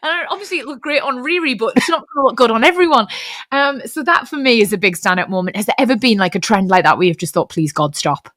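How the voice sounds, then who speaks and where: A woman's voice: fairly high pitch, animated, fast, a bit bright, no echo. Chatty woman, laughing host. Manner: chatty, laughs a lot, says mate. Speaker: podcast host. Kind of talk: casual chat.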